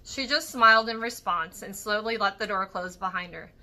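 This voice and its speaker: Woman reading a novel aloud for a book channel, steady narration, occasional self-corrections, bright tone. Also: medium pitch, moderate pace.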